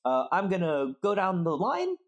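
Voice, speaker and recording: Running a tabletop game session, a game master with a medium-pitched voice walks players step by step through the rules of a skill check. The pitch swoops wildly, the pace is normal, and fillers are everywhere.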